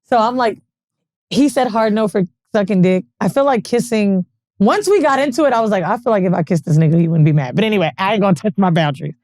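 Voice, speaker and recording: A woman's voice: mid-range voice, quick pace, dry recording. Profane woman telling a story, dry close mic. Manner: candid, profane, animated storytelling; acts out quoted dialogue. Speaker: podcast co-host. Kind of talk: casual storytelling chat.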